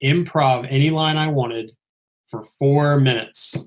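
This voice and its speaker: Animated man telling a story. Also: mid-range voice, slow. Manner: animated, acts out quoted lines with a raised voice. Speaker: stuntman telling his story. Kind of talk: casual podcast storytelling.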